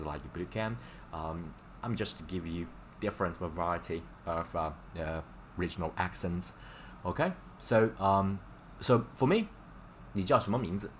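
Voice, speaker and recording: A man's voice: deep voice, a bit bright, slight background noise. A man teaching Chinese in a live-stream lesson, explaining casually in English with many fillers and repeating words for practice.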